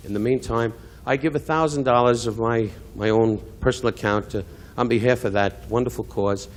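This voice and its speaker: A man's voice: mid-range voice, fairly even intonation, a little fast. An older man doing a live insult comedy roast at a benefit, brash and teasing, switching to sincere asides. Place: benefit event hall.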